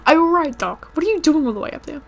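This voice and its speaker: A woman's voice: high voice, lively intonation, very fast, voice pushed up. A woman reading the lines of a friendly young male hero in her own voice.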